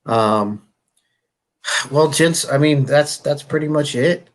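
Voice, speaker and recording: A man's voice: a little high, takes it slowly. A man hosting a show in casual chat, easygoing and full of fillers. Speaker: host.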